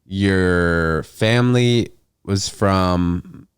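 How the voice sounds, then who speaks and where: A man's voice: low-pitched, drawn-out words, smooth, no echo, studio quality. A man hosting a podcast, asking curious follow-up questions in casual chat. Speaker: podcast host.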